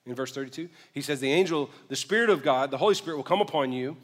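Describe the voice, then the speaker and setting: A man preaching as a pastor in a church sanctuary, his fairly high voice trailing a long echo. He talks in a loose, joking way, swinging between soft asides and loud bursts of emphasis. He slows down when he reads scripture aloud. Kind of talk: sermon. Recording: long reverb of a large hall.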